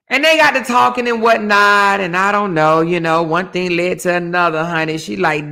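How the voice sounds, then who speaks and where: A man's voice: sits high, normal speed, vocal fry, few pauses, sharp tone. A man hosting a gossip show, telling celebrity drama in a sassy, theatrical way and calling his audience honey and child. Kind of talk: animated celebrity gossip chat.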